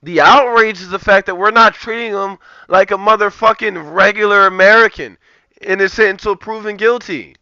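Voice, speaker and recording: A man's voice: high voice, normal speed, bright, forceful tone, clear, resonant tone, no echo. A man ranting in casual commentary, rambling and profane, with lots of filler words. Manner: profane, rambling, heavy use of "like". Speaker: streamer. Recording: dull lo-fi, dry.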